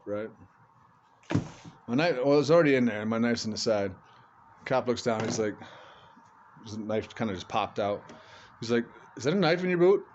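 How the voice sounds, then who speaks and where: A man telling a rambling comic true story in casual talk, cursing and laughing as he goes. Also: mid-range voice. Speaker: storyteller doing comedy shorts. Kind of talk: casual spoken anecdote. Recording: dull lo-fi with faint room noise.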